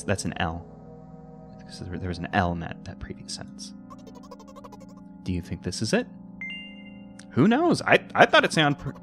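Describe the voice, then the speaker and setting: Animated low-voiced man voicing a game. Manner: animated, jumps between squeaky high and low reading voices. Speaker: let's player reading a game aloud. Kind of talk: reading game dialogue with playful commentary.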